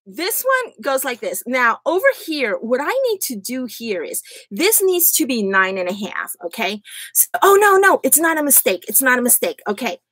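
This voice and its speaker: High, lively, chatty craft tutorial woman. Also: normal speed, no room sound. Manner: chatty, laughs often at herself. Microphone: USB desk microphone.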